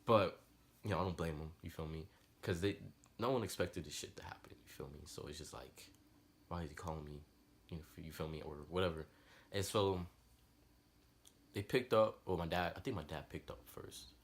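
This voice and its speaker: A man's voice: deep voice, normal speed, pauses often. A young man telling a personal story in casual, slangy, rambling talk. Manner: slangy, rambling, animated retelling. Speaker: vlogger.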